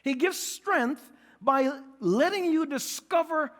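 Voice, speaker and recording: A man with a New York accent preaching a sermon, animated and joking as he acts out scenes, slowing and softening for scripture. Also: very high-pitched, big-room sound. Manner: animated, acts out quotes and jokes, then slows and softens for scripture. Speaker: pastor.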